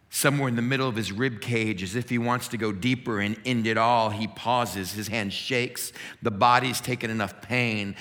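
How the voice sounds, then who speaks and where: A man preaching, painting a scene in dramatic, unhurried detail. His voice is low-pitched yet bright and forceful. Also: in a large hall. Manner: vivid, dramatic narration. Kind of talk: sermon storytelling.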